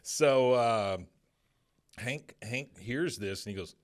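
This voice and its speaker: A man's voice: medium pitch, slow pace. A man co-hosting a podcast in a casual, laid-back chat, recapping an episode and acting out lines. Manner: laid-back, acts out quoted lines with bursts of laughter. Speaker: podcast co-host.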